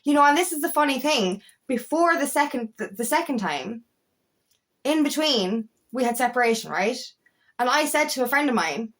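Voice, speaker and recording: A woman's voice: high voice, animated, moderate pace, fairly bright tone. A woman talking as an empowerment coach in a personal vlog, candid and emphatic, swearing freely as she speaks.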